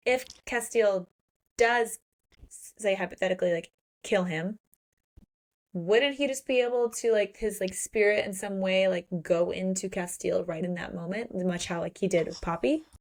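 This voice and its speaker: A woman's voice: medium pitch, moderate pace. A woman co-hosting a podcast, chatting casually about a fantasy novel with blunt, playfully crude jokes. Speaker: podcast co-host. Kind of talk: casual book discussion.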